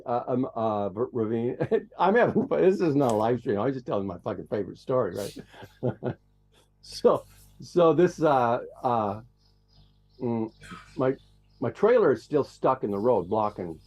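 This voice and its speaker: A man's voice: mid-range voice, warm tone. A man, a truck driver, telling a story as a guest in a casual, profane, rambling way.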